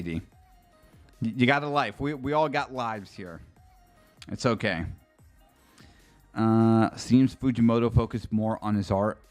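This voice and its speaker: A man streaming a casual live reaction, rambling and chatty, swearing freely and talking straight to his chat. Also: lowish voice.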